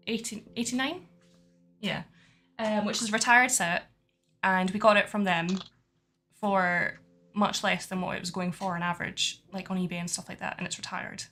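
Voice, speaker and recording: A Scottish woman chats casually as host of a livestream, her voice bright and forward at a mid pitch. She rambles happily from one thought to the next, padding her talk with plenty of fillers. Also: normal speed, pauses often, soft background music. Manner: chatty, rambling with many fillers, laughs often.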